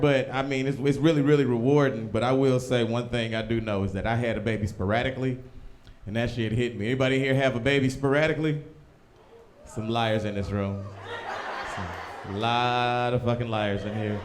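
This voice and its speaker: A young man doing a stand-up comedy set in a small live venue, loud and profane, often shouting as he acts out people in his stories. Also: medium pitch, slight background noise. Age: young adult. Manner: loud, animated, profane, swings into shouting impressions.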